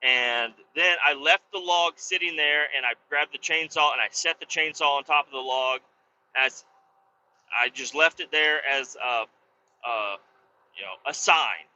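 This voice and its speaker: A man's voice: fairly high pitch, unhurried, bright, forceful tone, lo-fi sound. A man hosting a podcast, telling a story in casual, profane, laid-back talk while driving a car. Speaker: podcast host.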